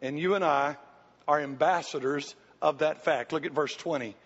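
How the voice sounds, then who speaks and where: Folksy pastor, man, husky and high, muffled recording in a reverberant church. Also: steady tone, normal speed. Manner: folksy, joking, pleading. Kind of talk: sermon with congregation volunteers. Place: church sanctuary.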